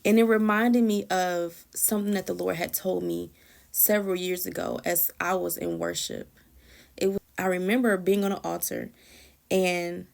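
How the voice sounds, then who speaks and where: A woman with a gravelly, fry-tinged voice tells a personal testimony about prayer. She talks in an earnest, emotional, conversational way, often restarting and repeating her phrases. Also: on the low side. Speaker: Christian encourager sharing a prayer testimony.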